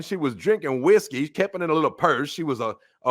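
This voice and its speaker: A man's voice: expressive, fairly quick, hardly any pauses. Blunt man preaching hellfire. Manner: blunt, mocking, swings from low muttering to loud outbursts. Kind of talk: fiery street-style sermon.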